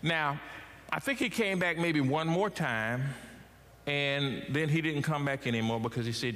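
A middle-aged man preaching a sermon as pastor, swinging his pitch and loudness widely as he talks. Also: measured pace. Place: church sanctuary. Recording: church hall with long reverb.

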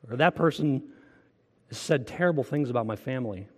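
A man's voice: medium pitch, brisk, long reverb tail. A man preaching a sermon as pastor, earnest and conversational, asking the congregation direct questions. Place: church.

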